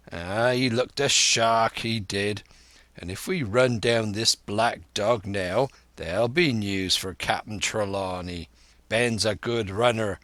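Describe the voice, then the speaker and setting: A man voicing a wily, blustering one-legged old pirate cook in a slow audiobook reading. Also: lowish voice, a bit bright, no echo. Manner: bluff, blustering, sly sea talk.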